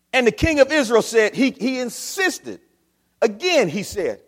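A male pastor delivers a sermon, dropping into quiet asides and then rising to shouted preaching. His voice sits very high and moves a lot in pitch. It rings out with a long reverb. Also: sing-song, measured pace. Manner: swings from low asides to loud preaching shouts.

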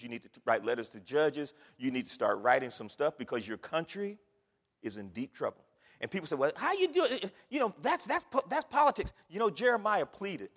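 A man preaching a sermon, swinging from hushed whispers to loud exhortation. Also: a little high. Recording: long hall reverb.

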